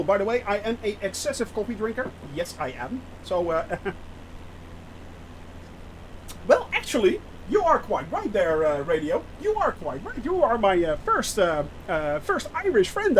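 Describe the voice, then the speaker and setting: A man's voice: high voice, huge pitch swings, moderate pace, slight background noise. A man streaming a flight simulator and chatting with viewers in a rambling, giggly way, often breaking off to laugh. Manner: rambling, giggly, talks to chat. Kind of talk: live-stream chat with viewers.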